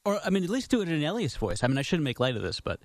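A man co-hosting a sports radio show, quick to agree and chime in with casual remarks. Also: fairly high pitch, sing-song, dry recording, studio quality. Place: radio studio. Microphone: studio mic.

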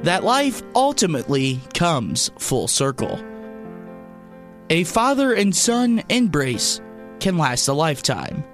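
A man reading a mock-dramatic documentary intro in a slow, portentous voice. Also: fairly high pitch, sing-song, soft background music. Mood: mock-solemn. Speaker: intern reading a parody sports documentary intro.

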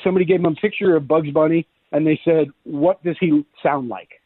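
Voice actor guest on a call-in line, animated, fairly high, phone-thin and dry. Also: male voice, a little fast, no echo. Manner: animated, drops into voices and impressions. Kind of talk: casual radio interview. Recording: tinny phone-line sound.

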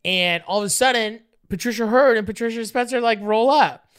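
A man's voice: extremely high pitch, a little fast, smooth. A man from Canada, a podcast guest, telling rambling stories in casual chat and acting out voices along the way. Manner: rambling, animated, acts out voices in his stories. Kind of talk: casual storytelling.

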